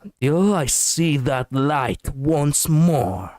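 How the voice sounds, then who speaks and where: This is a gallant knight who draws every word out, grave and stately. The pace is very slow and heavy with ceremony. A man mimics it on his stream. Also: fairly high pitch, animated, a little mellow, no echo, studio quality. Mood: solemn. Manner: very slow, solemn delivery. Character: noble, gallant male knight.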